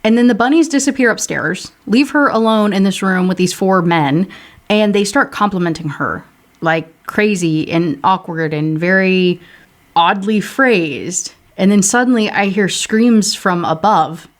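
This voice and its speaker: A young woman reviewing a book, reading passages aloud with casual asides in between. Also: mid-range voice. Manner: brisk reading, casual asides, slips into character voices.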